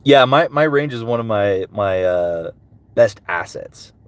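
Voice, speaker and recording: With a fairly low, clear and resonant voice, a male voice actor speaks expressively at a measured pace on a dry recording. He's casually answering fan questions on a livestream, dropping into character voices between answers.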